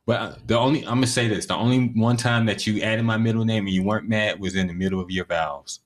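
A man's voice: lowish voice, fast talker. A man co-hosting a podcast in casual chat, easygoing and chuckling. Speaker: podcast co-host.

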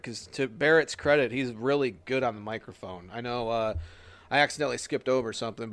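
A man's voice: mid-range voice, fairly bright tone. A man recapping wrestling in casual podcast chat, joking and swearing as he retells matches. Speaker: podcast co-host.

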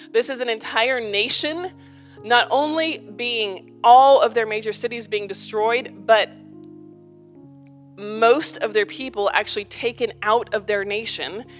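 A woman's voice: mid-range voice, a bit bright. A woman, preaching a sermon in a conversational, emphatic way, repeating phrases for effect. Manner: conversational, with parenting asides. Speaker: pastor.

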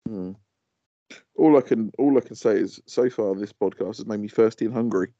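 A man's voice: lowish voice, normal speed, mellow, dry recording. A man co-hosting a podcast in casual chat, grumbling good-naturedly about things that irritate him. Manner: chatty, grumbling about pet peeves. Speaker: podcast co-host. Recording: dull lo-fi podcast audio.

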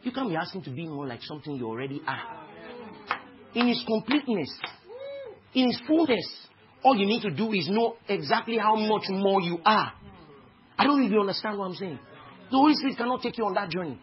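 Nigerian male preacher, high voice, fiery delivery that drops to a hush and rises to shouts, dull lo-fi recording. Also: expressive, fairly quick, long pauses. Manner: impassioned, swinging from hushed to shouting. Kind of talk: sermon. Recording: dull lo-fi recording with faint noise.

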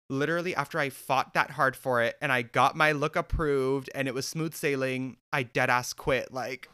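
A young man with a bright, crisp, smooth voice spins a story to camera. He talks with sass and plenty of swearing, and he slips into quick impressions of other people. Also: medium pitch. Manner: sassy, profane, animated, mimics other people in quotes. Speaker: vlogger telling a story. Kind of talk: casual storytelling.

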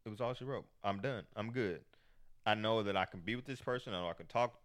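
A man's voice: on the low side, fast talker, a bit bright. A man in casual chat, speaking candidly and with profanity.

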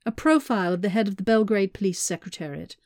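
A woman's voice: mid-range voice, fast talker, darkish tone, dry recording, clean studio sound, lightly acted. Woman voicing a blunt, sardonic female operative. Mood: grim.

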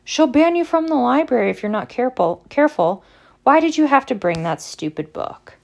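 Woman doing a know-it-all schoolgirl witch, brisk and scornful, a little fry in it. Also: high-pitched, expressive, darkish tone, voice pushed up, exaggerated voice.

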